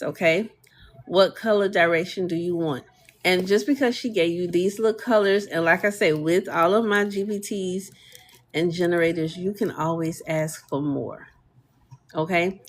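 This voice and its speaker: A woman hosting a casual live tutorial, chatting with viewers and reading their comments aloud, with easy fillers and laughter. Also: fairly low pitch. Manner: chatty, talks to viewers and reads chat aloud. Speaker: live stream host demonstrating a design tool. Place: home desk, streaming live.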